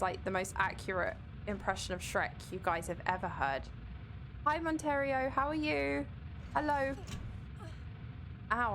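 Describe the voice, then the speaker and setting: A woman's voice: mid-range voice, a bit bright, a little hiss or hum. A young Scottish woman casually commentating a video game stream, chatty and swearing now and then while she answers her chat.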